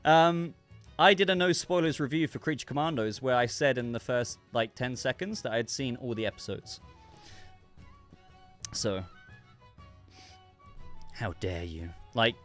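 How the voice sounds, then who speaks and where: In a mid-range, somewhat bright voice, a man hosts a laid-back livestream and reads what viewers send in. He talks loosely, breaks off his own sentences, and sounds congested, with a cough.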